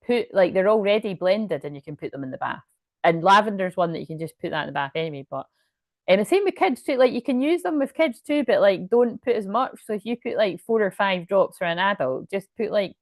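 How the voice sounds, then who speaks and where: Brief: woman, casual tarot reader, lowish voice, rambling and giggly. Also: no echo, clean studio sound. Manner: chatty, rambling, frequent laughter and restarts. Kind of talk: casual chat tarot reading.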